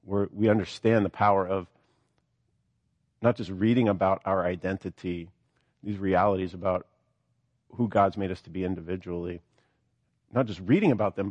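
A man's voice: deep voice, a little mellow, breathy edge, no echo, muffled recording. A man preaching a sermon, reading scripture aloud and then explaining it with earnest, rising emphasis.

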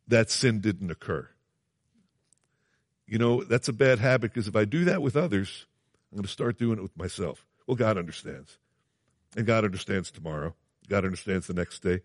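A man's voice: fairly low pitch, no echo, clean studio sound. A man preaching a sermon, earnest and emphatic, repeating phrases and asking his listeners questions.

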